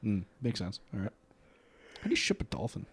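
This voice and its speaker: A man's voice: on the low side, sing-song, a little fast, a bit bright, husky. A man co-hosting a podcast, reacting with jokes, swearing and laughter in casual chat. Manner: joking, swears, frequent laughs. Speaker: podcast co-host.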